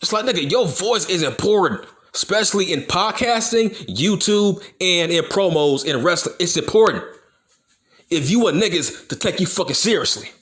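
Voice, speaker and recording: A wrestling YouTuber with a high, animated voice and fairly bright tone rants to camera at a moderate pace. He gets heated and profane about wrestling, hammering his points home by repeating them.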